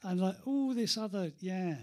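A man co-hosting a live podcast, joking around, laughing often and talking in halting, repetitive bursts. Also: sits high, dark tone. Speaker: podcast co-host.

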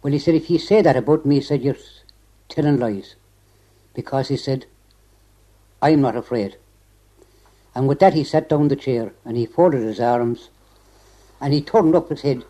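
An elderly Irish man tells a remembered story to an interviewer, his voice dark and mellow in tone. He rambles, restarts his phrases and strings everything together with "he said" after nearly every clause. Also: medium pitch, normal speed, long pauses, rough recording. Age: older. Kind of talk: oral history recollection.

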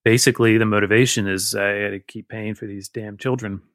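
A man's voice: on the low side, steady tone, fairly quick, fairly bright tone, no room sound, studio quality. A man in his forties, a guest who tells a rambling, candid, self-deprecating story in casual conversation.

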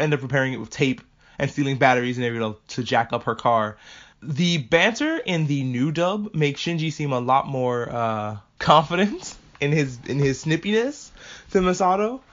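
A man at a medium pitch hosts a casual solo podcast, rambling and cutting himself off with quick laughs and swearing. The recording sounds dull and lo-fi. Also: fairly bright tone. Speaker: podcast host reviewing anime. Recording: dull lo-fi audio.

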